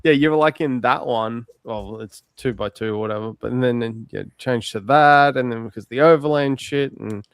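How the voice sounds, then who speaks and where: A man's voice: medium pitch, normal speed, hardly any pauses, clear, resonant tone, no room sound, studio quality. A man who is a guest on a livestream, chatting casually, laughing and swearing. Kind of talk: casual chat.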